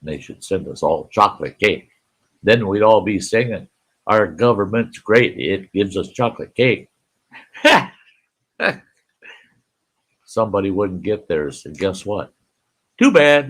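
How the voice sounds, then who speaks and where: A man's voice: lowish voice, expressive, slow, gravelly, pauses often, fairly bright tone, breathy edge. An older man hosting a casual live stream, folksy, greeting chat viewers by name and often laughing, with an Upper Midwest American accent.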